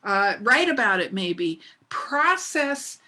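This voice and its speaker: Bright, lively woman preaching a sermon. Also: mid-range voice, slow. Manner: animated, laughing storyteller who asks the congregation questions. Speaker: minister.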